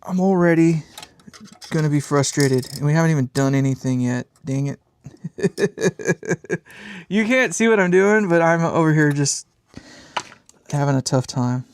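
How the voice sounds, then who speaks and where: A man's voice: a little high, unhurried, pauses often, slight background noise. A man hosting a live amp build stream, talking casually and muttering and swearing at small parts as he works.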